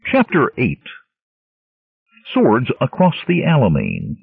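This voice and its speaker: Guy reading a fantasy adventure audiobook, gravelly husky voice, very dry, kinda tinny like a phone. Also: medium pitch, slow, dry recording. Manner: dramatic, expressive storytelling. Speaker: audiobook narrator. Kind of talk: scripted narration.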